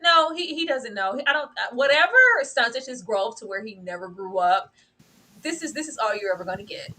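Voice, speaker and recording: Female co-host, bright and high, animated and emphatic TV recapper. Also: fairly quick, low-quality recording. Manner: animated, emphatic, acts out characters' lines. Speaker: co-host of a TV review show. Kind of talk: casual review chat.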